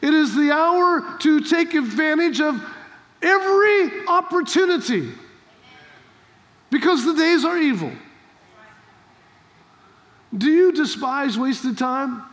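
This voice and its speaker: A pastor preaching an emphatic sermon, full of rhetorical questions and rising to shouts. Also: male voice, very high-pitched, expressive, slow pace, pauses often. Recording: long hall reverb.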